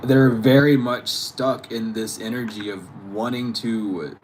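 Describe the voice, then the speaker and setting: A man reads tarot cards in a loose, conversational way. His voice sits in an ordinary middle pitch. He talks in slangy asides and laughs often as he goes. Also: steady tone, takes it slowly, background noise. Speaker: tarot reader. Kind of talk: casual spiritual reading to camera.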